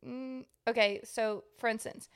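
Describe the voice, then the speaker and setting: A woman's voice: fairly high pitch, steady tone, unhurried, clear, resonant tone. Young southern woman cohosting a podcast, giggly and teasing, chatty. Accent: Southern American. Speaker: podcast co-host. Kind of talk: casual chat.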